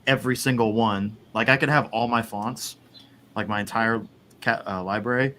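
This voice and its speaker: A man's voice: lowish voice, steady tone, normal speed, sharp tone. A man in casual chat, rambling, swearing and laughing often. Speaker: podcast host.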